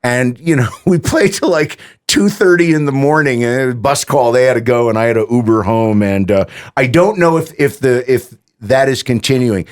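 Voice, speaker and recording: A man guesting in a radio studio, telling animated stories with quick asides and frequent laughs. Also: medium pitch. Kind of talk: casual radio chat. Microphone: studio microphone.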